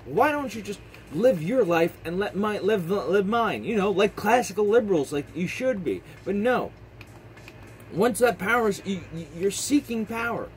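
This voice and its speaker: A man's voice: high-pitched, animated, moderate pace, a little hiss or hum, rough recording. A man vlogging an angry, profane rant, heated and repetitive, swearing often.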